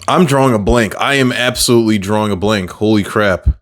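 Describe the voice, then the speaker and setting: Casual male creator, lowish voice, self-mocking play-by-play of his own guesses. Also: brisk. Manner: thinks aloud, self-mocking, excitable exclamations. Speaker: gaming creator. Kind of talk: casual gameplay commentary.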